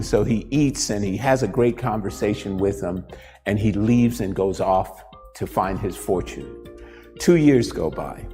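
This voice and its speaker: Animated male storyteller in a reverberant hall. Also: fairly low pitch, unhurried, soft background music. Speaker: host and motivational speaker. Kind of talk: storytelling talk with a live demonstration.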